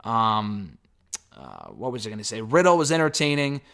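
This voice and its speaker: A man's voice: lowish voice, huge pitch swings, moderate pace, vocal fry, fairly bright tone. A man reviewing a wrestling talk show alone in a casual, blunt and opinionated way, rambling loosely with fillers and the odd curse. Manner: blunt, opinionated, a bit profane.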